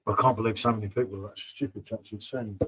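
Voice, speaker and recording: A man's voice: lowish voice, steady tone, rapid-fire, fairly bright tone, husky, poor audio. A man, hosting a casual livestream chat over beers and talking in a laid-back, matey way. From England. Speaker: livestream host.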